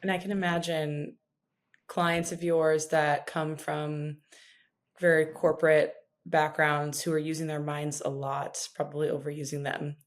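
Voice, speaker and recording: A woman's voice: low-pitched, flat delivery, measured pace. A woman hosting a podcast, asking thoughtful questions with self-deprecating asides. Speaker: podcast host. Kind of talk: interview questions, casual chat.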